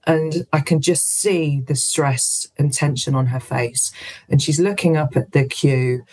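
A woman who is a guest on a radio show, telling a story with lively energy. She moves between her own narration and the lines people said, with some hesitations along the way. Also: sits low, unhurried, breathy edge, rough recording. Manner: lively anecdotal storytelling, acts out quoted voices. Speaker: guest, businesswoman and author. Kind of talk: storytelling in an interview.

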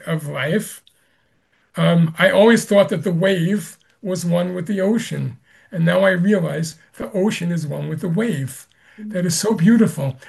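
A man, a Zen master, answering an interview question with slow, gentle storytelling and soft laughs. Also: sits high, vocal fry, breathy edge.

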